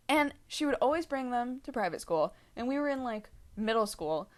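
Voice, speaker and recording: A woman's voice: on the high side, lively intonation, normal speed, hardly any pauses. A young woman telling a rambling story to her vlog viewers, full of fillers, asides and giggles. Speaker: vlogger.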